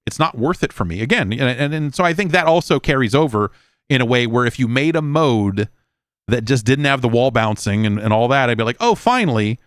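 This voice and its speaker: Reading letters from listeners, this middle-aged podcast host chats loosely in a fairly quick, mid-range voice, stammering and dropping swear words. The recording is dry and studio-grade.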